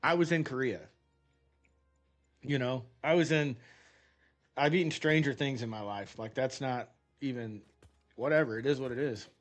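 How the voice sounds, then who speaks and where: A man's voice: mid-range voice, normal speed, long pauses, soft background music. An American man streaming a game, telling a rambling story in casual chat and swearing freely. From United States. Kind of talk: casual gameplay commentary with storytelling.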